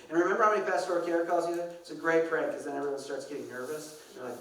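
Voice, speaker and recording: A man's voice: fairly high pitch, fairly even intonation, racing, hardly any pauses, fairly bright tone. A middle-aged man speaking to pastors at a conference, telling wry, self-deprecating stories. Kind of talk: humorous storytelling lecture. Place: large conference hall. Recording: echoey hall from a distance.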